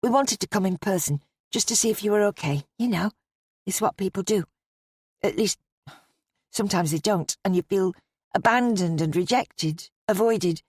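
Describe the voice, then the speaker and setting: A practical, kind-hearted young woman, gentle and sympathetic in her speech with a light, playful edge, as a woman narrator puts her on. The recording is close and dry. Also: mid-range voice, normal speed, husky, no echo, close to an everyday voice.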